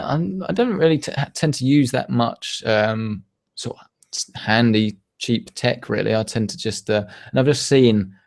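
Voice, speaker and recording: A man's voice: fairly low pitch, creaky, darkish tone. A young man hosting a tech channel's live Q&A, chatting casually and rambling with many fillers and restarts. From United Kingdom. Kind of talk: live stream Q&A.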